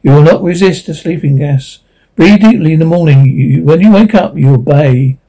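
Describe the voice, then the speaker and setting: A man reading a gentle but sinister hypnotic voice that coaxes sleepers into obedience. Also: a little high, normal speed, poor audio. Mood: coaxing. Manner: gentle, coaxing.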